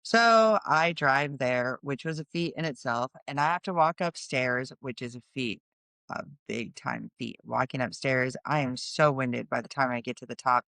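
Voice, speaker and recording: A woman's voice: extremely low pitch, moderate pace, gravelly, a bit bright, no room sound. Earnest middle-aged woman telling a story. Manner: earnest, conversational, explains as she goes. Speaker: podcast host. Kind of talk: personal storytelling monologue.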